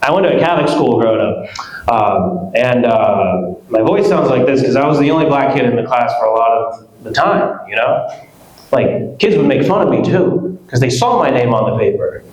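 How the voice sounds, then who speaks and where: A young man from West Africa doing a stand-up comedy set, animated and acting out voices, laughing at his own jokes. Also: medium pitch, normal speed. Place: comedy club stage. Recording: roomy club sound.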